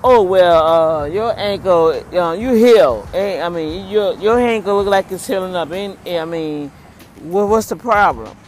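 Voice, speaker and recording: A woman's voice: on the low side, measured pace, soft background music, natural voice. A woman imitating a curt, dismissive male doctor. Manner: loud, stammering, curt.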